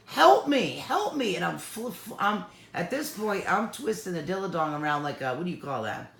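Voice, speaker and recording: A woman co-hosting an online sale, telling animated stories with a lot of laughter. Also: on the low side, fairly quick. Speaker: co-host selling magical items. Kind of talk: casual storytelling chat. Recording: echoey room.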